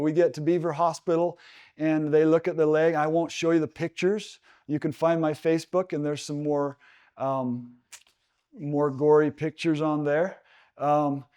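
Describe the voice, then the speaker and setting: A man's voice: on the high side, darkish tone, clean tone. A young adult man from Utah giving a seminar talk, telling a personal story with many fillers and restarts. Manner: halting, many fillers and restarts, gets emotional. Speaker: guest speaker.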